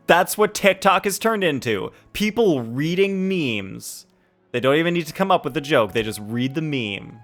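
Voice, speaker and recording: A man's voice: medium pitch, a bit bright. Playful man streaming and joking with chat. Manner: playful, joking, chats with viewers. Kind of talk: casual livestream chat.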